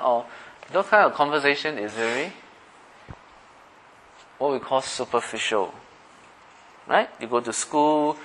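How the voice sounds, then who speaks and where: Unhurried and expressive, with long pauses, a middle-aged pastor preaches a conversational sermon, asking listeners questions and acting out everyday voices. His medium-pitched voice has a sharp tone, and the rough recording carries slight background noise.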